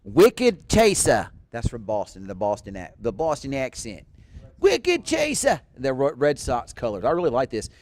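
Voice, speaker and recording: A man hosting a weather livestream talks in a relaxed, rambling way with plenty of teasing. His voice sits at a middle pitch, easygoing and unforced. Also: brisk, few pauses. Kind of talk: casual chat.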